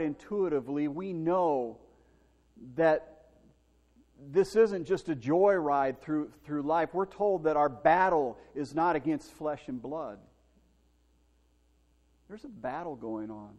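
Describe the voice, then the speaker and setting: Animated preacher in a reverberant hall. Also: male voice. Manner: animated, acts out quotes with big shouts and pitch jumps. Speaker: pastor. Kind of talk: sermon with storytelling.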